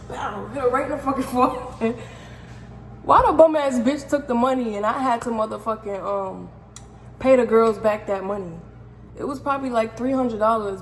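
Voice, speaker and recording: Animated New York woman telling stories. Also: on the high side, roomy sound, big-room sound, a little hiss or hum, poor audio. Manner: animated, profane, slangy storytelling. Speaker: vlogger. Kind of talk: casual storytime.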